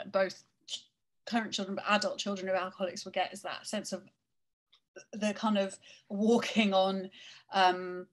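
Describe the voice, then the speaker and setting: A woman hosting a conversation with authors, speaking hesitantly with many restarts. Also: mid-range voice. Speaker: event host interviewing authors. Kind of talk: casual discussion.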